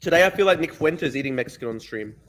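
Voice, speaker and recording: A man's voice: a little high, expressive, quick pace, a bit bright. A man hosting a live stream, joking crudely and chatting between bites. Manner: crude, joking, talks while eating. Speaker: livestream host. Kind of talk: casual live stream chat.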